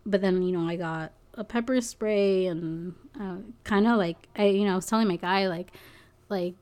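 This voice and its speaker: A woman's voice: mid-range voice, moderate pace, a little mellow. A young woman chatting casually, telling a story in a rambling way, filling gaps with "like" and "you know", swearing and laughing now and then. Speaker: package delivery driver.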